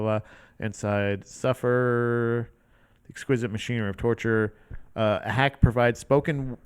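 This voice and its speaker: A man's voice: fairly low pitch, clean tone. A man co-hosting a casual music podcast, talking in a loose, rambling, profane way with plenty of restarts. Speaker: podcast co-host.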